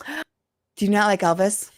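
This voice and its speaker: A woman's voice: mid-range voice, animated, measured pace. A woman co-hosting a live podcast, chatting casually and bluntly, with lots of jokes and "like" fillers. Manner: blunt, joking, says "like" a lot. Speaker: podcast co-host.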